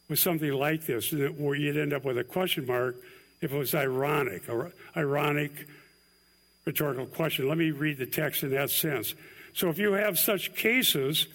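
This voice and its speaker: Guy preaching a sermon, kinda high voice, chatty teacher vibe, slows down on the big words. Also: a bit bright. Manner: conversational, explanatory, self-deprecating asides. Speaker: pastor.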